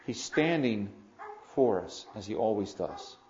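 A man preaching a sermon in an earnest way, with loud emphatic moments and quiet asides. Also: fairly low pitch, animated, measured pace, noisy background. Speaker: pastor. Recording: echoey room, dull lo-fi sound.

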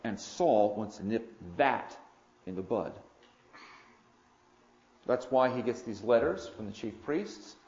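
A man preaching a sermon in an earnest way, with loud emphatic moments and quiet asides. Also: mid-range voice, expressive, slow pace, pauses often. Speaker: pastor. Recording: echoey room, dull lo-fi sound.

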